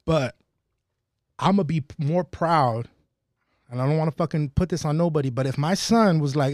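A man's voice: a little high, moderate pace, pauses often, darkish tone, no echo, studio quality. A man in casual podcast chat, talking passionately and swearing often as he tells stories. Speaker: podcast guest.

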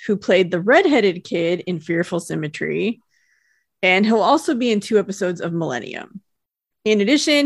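A woman's voice: mid-range voice, no echo, studio quality. Wry woman podcast co-host. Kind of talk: casual chat.

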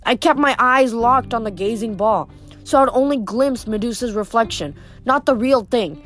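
A woman reading a novel aloud in steady storytelling narration. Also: fairly high pitch, moderate pace. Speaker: reader.

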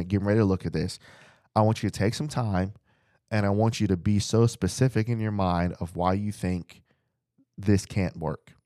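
A man's voice: deep voice, warm tone, dry recording, clean studio sound. A man teaching the Bible as a preacher, earnest and repeating phrases for emphasis, speaking to listeners at home.

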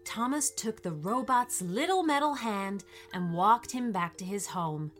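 Woman, children's story reading, bright voice, slow pace, soft music behind. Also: medium pitch, animated.

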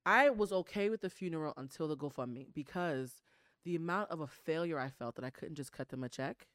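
Fast-talking woman fighting back tears. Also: low-pitched, no room sound, clean studio sound. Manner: emotional, near tears, candid. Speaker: podcast host. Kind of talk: casual chat.

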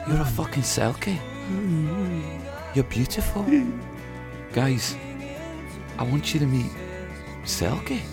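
A man's voice: mid-range voice, pitched above the performer's own voice. A man voicing a lonely, heartbroken young man in love with a seal, in a put-on Scottish accent, in a homemade comedy sketch trailer. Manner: sweary, desperate, calling every listener man. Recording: music playing under the voice.

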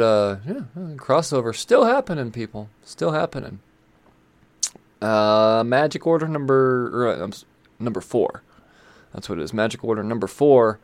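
A man's voice: fairly low pitch, a little mellow, dry recording. A man talking casually about comic books, rambling and chatty, with lots of fillers and some swearing. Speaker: comic book reviewer. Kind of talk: casual chat.

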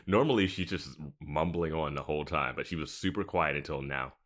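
Very deep-voiced chatty podcast man. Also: a little fast, a bit bright. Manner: chatty, laughs often, quotes characters in a raised voice. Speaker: podcast co-host. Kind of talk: casual chat recapping a TV episode.

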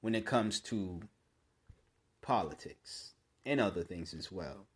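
A man hosting his own podcast, speaking in a blunt, opinionated monologue that often restarts mid-sentence and rises into forceful bursts. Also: sits low, expressive, takes it slowly, breathy edge. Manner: conversational with frequent restarts. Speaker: podcast host.

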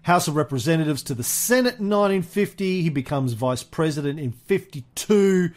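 A man hosting a history podcast, walking through the story in a loose, chatty way. He laughs easily and fills his pauses with plenty of "uh"s. His voice sits a little on the high side. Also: expressive. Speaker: podcast host. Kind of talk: casual history podcast chat.

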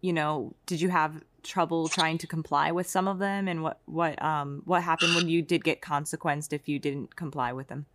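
Low-voiced woman interviewing casually. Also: fairly even intonation, moderate pace, hardly any pauses, a bit bright. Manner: casual, reactive, uses fillers.

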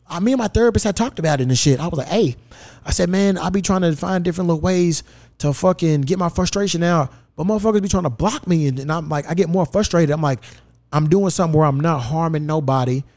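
A man with a slightly high voice talks fast while hosting a podcast in a studio. He tells a story in casual, profane chat, staying animated and acting out the quoted dialogue.

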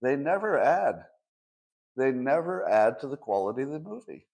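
A man's voice: mid-range voice, very animated, normal speed, vocal fry, a little mellow. A man in his sixties hosting his own show, talking casually and sarcastically in rhetorical questions. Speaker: host. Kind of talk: casual solo commentary.

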